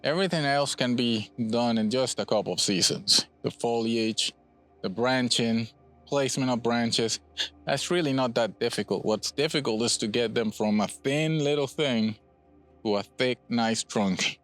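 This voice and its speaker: A man from Puerto Rico, a bonsai nursery owner, casually explaining his trees in a relaxed, rambling way with frequent restarts outdoors at his nursery. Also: medium pitch, unhurried, soft background music.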